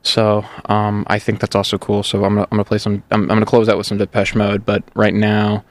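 A young man hosting a college radio show, out of breath, talking in a halting way with many fillers and restarts. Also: fairly low pitch, monotone. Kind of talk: casual radio chat.

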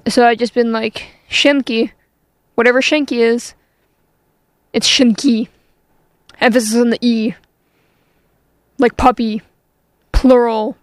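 A woman's voice: fairly high pitch, little pitch movement, moderate pace, pauses often, no room sound. A woman radio host chatting casually on air between songs, self-deprecating and chatty, with frequent fillers.

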